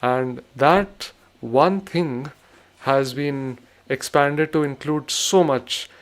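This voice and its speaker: A man's voice: mid-range voice, drawn-out words. A man giving a spoken music lesson, patiently explaining rhythm cycles and chanting rhythm syllables aloud. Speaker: rhythm teacher.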